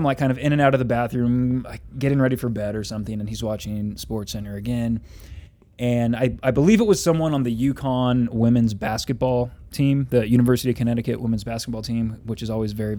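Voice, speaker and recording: Man, casual storytelling, rambling, mid pitch, filler words. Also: darkish tone. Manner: chatty storyteller, many fillers and self-corrections. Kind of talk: casual chat, telling a long story.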